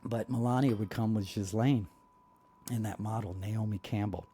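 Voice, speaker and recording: Blunt heated man with a mellow, low voice. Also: steady tone, normal speed, husky. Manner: blunt, heated, rambling with frequent "you know". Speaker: podcast host. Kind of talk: casual political monologue.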